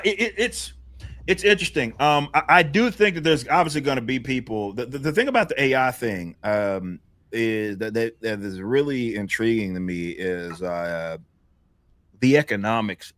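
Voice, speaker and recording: A man hosting a casual livestream panel, talking in halting, rambling sentences with many restarts. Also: mid-range voice, expressive, bright, forceful tone, no room sound. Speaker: stream host.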